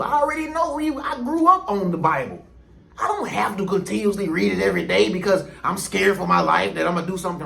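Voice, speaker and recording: A man talks straight to his viewers in a loose, rambling vlog, full of restarts and quoted asides. His voice sits high for a man. The room around him rings with noticeable echo. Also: gravelly, fairly bright tone. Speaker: vlogger. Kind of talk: casual monologue to camera.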